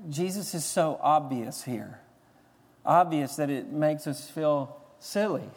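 A pastor preaching with a high-pitched voice that carries a long reverb, as in a large hall. He swings from quiet, low stretches to loud, raised bursts, preaching with drive. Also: takes it slowly, slightly rough. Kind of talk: sermon.

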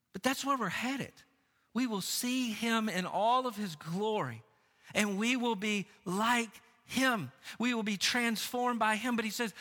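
Animated preacher man in an echoey hall. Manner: animated preaching, shifting between raised and low tones. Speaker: pastor. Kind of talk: sermon.

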